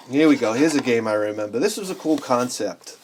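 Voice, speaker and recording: A man's voice: mid-range voice, noisy background. A man in his forties, a game collector telling rambling childhood stories while showing his games, laughing often and acting out the people he quotes. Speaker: video game collector vlogger.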